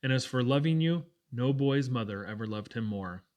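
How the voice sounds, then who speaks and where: A man voicing a gentle but firm young woman who soothes a sick friend. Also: medium pitch, expressive, normal speed, highs cut off, natural voice. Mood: soothing.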